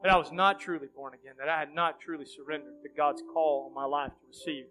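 A pastor with a high, light man's voice preaches earnestly over clear instrumental music. He pleads with the congregation and moves into fervent prayer. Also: steady tone, quick pace, pushed and bright. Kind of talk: sermon altar call and prayer. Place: church sanctuary.

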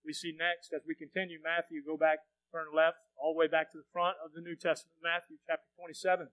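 A male pastor preaching a sermon, dropping to a hush and then rising to shouts, often asking the congregation questions. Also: fairly high pitch, flat delivery, quick pace, low-quality recording. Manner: swings from hushed to shouting.

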